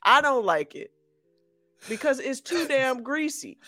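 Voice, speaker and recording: A woman from the Chicago area co-hosts a casual podcast, talking in an animated, slangy, emphatic way. Her pitch swings widely as she tells stories. The recording is dry and close, with faint music beneath. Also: measured pace, no room sound. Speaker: podcast co-host.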